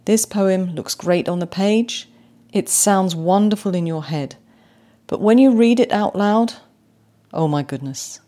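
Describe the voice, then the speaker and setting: Low-voiced woman hosting a poetry podcast. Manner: animated, slows right down to read poems aloud; warm, enthusiastic. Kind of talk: podcast commentary on haiku.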